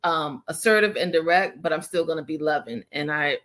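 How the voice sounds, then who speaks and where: This woman's voice sits on the low side for a woman. She speaks as a podcast guest over a video call, candid and reflective, with plenty of pauses and fillers. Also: animated, a bit bright. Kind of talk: casual conversation.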